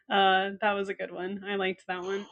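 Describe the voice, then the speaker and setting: A woman's voice: mid-range voice, highs cut off. Laughing woman podcast co-host. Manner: animated storyteller acting out quotes, laughs often. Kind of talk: casual storytelling chat.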